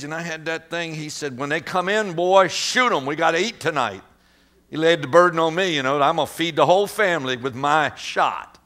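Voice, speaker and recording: A middle-aged man preaches from the pulpit, telling a story and acting out each sound and line. His voice sits a bit high and carries a bright, forceful edge. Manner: animated storyteller, acts out sounds and quotes. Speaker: pastor. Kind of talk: sermon with storytelling.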